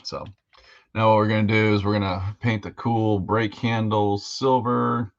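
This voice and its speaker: A man hosts a live model-painting stream, chatting in a loose, rambling way with plenty of fillers. His voice is low and deep. The audio is dull and lo-fi. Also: little pitch movement, unhurried. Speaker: host of a live hobby painting show. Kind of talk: casual livestream chat while painting models.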